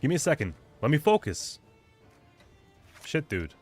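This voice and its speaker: A man's voice: fairly high pitch, wildly swooping pitch, moderate pace, faint music behind. Hyped man streaming and chatting. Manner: hyped, rambling, chatting with viewers while playing. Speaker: game streamer. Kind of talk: casual live-stream chat.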